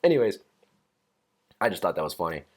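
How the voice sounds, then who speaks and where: A man's voice: low voice, sing-song, fairly quick. Young man rambling through a profane rant. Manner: profane, rambling storytelling with many fillers; amused, laughs at own stories. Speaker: podcast host. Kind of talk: casual solo rant.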